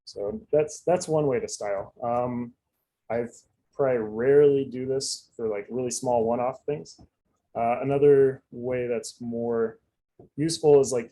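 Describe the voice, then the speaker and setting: A man's voice: medium pitch, warm tone, poor audio. A man giving a casual live coding demonstration, chatty and loose, full of fillers and asides. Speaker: presenter.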